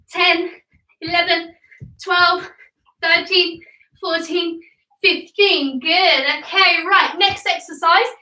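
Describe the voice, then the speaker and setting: A woman's voice: extremely high pitch, sharp tone. A woman, coaching a kids' home workout class in an upbeat, encouraging way and counting reps aloud. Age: 20s. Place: room at home. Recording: echoey room, mic at a distance.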